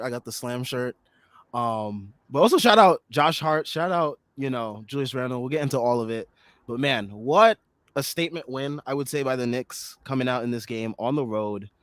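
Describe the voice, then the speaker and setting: A man hosting a casual postgame basketball show, chatty and excitable, full of fillers, his voice a little hoarse from screaming. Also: mid-range voice, no echo. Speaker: podcast host.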